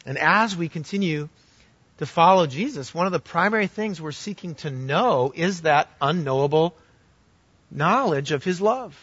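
A man's voice: on the high side, lively intonation, normal speed, husky, no room sound, dull audio. Earnest male pastor preaching a sermon. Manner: earnest storytelling with shifts between loud and hushed.

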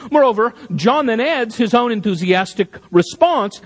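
Lively, high-voiced preacher man. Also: moderate pace, hardly any pauses. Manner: emphatic, rising sharply on repeated commands. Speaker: pastor. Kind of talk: expository sermon.

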